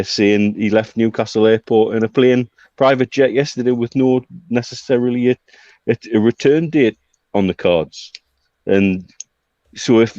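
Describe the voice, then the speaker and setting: A man co-hosting a football podcast, talking in a measured way with many fillers and restarts, on a dull, dry recording. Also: on the low side, a little mellow, no room sound. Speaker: podcast co-host. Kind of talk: casual football chat.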